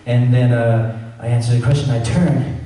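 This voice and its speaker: A voice actor answering fan questions on a convention panel, chatting casually and telling stories full of "like" and acted-out quotes. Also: male voice, mid-range voice, steady tone, moderate pace, warm tone. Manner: chatty, fills with "like", acts out quotes. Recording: very echoey hall, voice far from mic.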